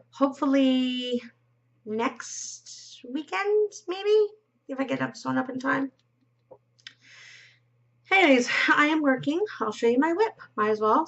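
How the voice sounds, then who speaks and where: A woman chats as she knits, her voice fairly high with a gravelly fry. She rambles and giggles, yawning now and then. The recording sounds dull and lo-fi. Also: fairly bright tone. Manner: chatty, rambling, giggly, drops into murmurs. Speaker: knitting podcast host. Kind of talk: casual chat while knitting.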